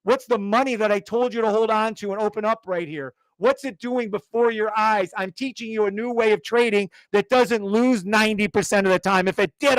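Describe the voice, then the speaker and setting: A man's voice: high voice, no room sound. A man giving an insistent, fired-up sales rant on a live stream, repeating himself and swearing. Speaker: trading course seller.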